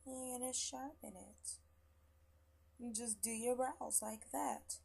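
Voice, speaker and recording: A young woman vlogger, chatty and rambling, swearing freely as she gives shout-outs and walks through her everyday makeup routine at home. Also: fairly high pitch, slow, gravelly, a little hiss or hum. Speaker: beauty vlogger. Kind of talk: casual makeup tutorial. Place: at home after work.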